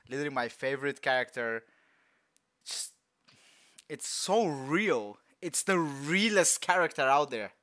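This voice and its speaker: A young man reacting to a movie trailer in loose, slangy, rambling chat. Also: mid-range voice. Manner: excitable, slangy, rambling, bursts into shouts and laughs. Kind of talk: casual reaction commentary.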